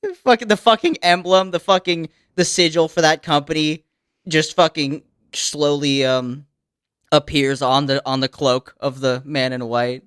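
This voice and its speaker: High-voiced, rambling, profane man. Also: steady tone, a little slow, fairly bright tone, smooth, no room sound, studio quality. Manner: rambling, profane, laughing storyteller. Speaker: podcast co-host. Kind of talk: casual comedic chat.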